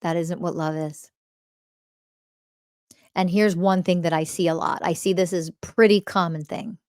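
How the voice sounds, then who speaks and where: A woman spiritual teacher hosting her podcast, confrontational and emphatic, swearing freely and pressing the listener with rhetorical questions. Her voice sits fairly low for a woman, recorded dry and close with no room sound. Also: fairly even intonation, a little slow, a little mellow, no echo. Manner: repeats key phrases for emphasis. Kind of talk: blunt spiritual teaching monologue.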